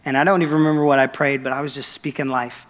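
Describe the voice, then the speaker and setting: A young man preaching a sermon, telling a story with quoted dialogue in an earnest, excited manner. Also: mid-range voice, fast talker. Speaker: pastor. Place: church sanctuary. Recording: long reverb of a church hall.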